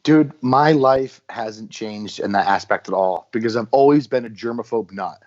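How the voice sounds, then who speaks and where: A man telling stories in a casual podcast chat, animated and acting out what people said. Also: on the low side, moderate pace. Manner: storytelling, animated, acts out quotes. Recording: dull lo-fi podcast audio.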